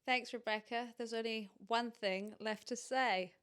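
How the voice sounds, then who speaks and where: A woman's voice: on the high side, steady tone, measured pace, fairly bright tone, clean tone. A woman with a British accent co-hosting a podcast in playful, teasing casual chat, laughing a lot. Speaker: podcast co-host.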